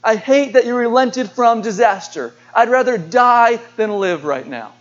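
A man's voice: very high voice, lively intonation, unhurried, pitched above the performer's own voice. A man preaching, voicing a bitter, indignant male prophet who resents mercy, in a resentful, defiant tone. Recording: dull lo-fi sermon recording.

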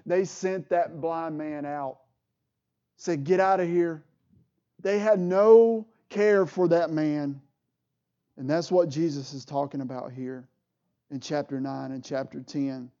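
High-voiced, slow, mellow preaching man. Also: muffled recording. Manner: preaching with rising emotional swells. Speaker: pastor. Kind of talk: sermon.

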